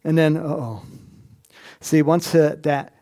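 A man's voice: fairly high pitch, takes it slowly, warm tone. A pastor preaching a sermon in a casual, storytelling way, often talking directly to his congregation. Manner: storytelling, acts out Bible characters in voices; conversational with asides to the congregation.

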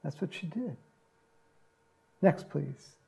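A man preaching a sermon, retelling a gospel story with animated storytelling and acted-out lines. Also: on the high side, slow, gravelly, husky. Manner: animated storytelling, acts out quotes, laughs often.

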